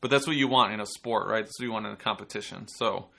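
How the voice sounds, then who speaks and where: Bright-voiced chatty martial arts podcast host. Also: male voice, lowish voice, fast talker, gravelly. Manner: relaxed, chatty, acts out angry people. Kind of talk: casual instructional talk.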